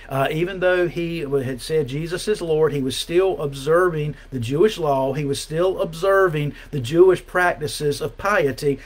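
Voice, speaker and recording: A man's voice: fairly high pitch, a little mellow. A man preaching a sermon as pastor in a conversational way, with frequent restarts and rising emphasis on key points. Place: church.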